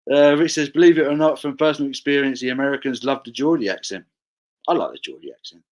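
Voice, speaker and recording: A man hosting a relaxed livestream, working through viewer comments one by one and riffing on each of them. His voice sits at a middle pitch, and he talks in an easy, conversational way. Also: quick pace, rough recording. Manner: chatty, reads out viewer comments with asides. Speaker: livestream host. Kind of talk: casual chat reading comments.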